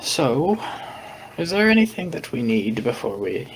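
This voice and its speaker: A man narrating as game master of an online tabletop game, relaxed and laughing often, with the hiccups. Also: medium pitch, a little slow, slight background noise, low-quality recording.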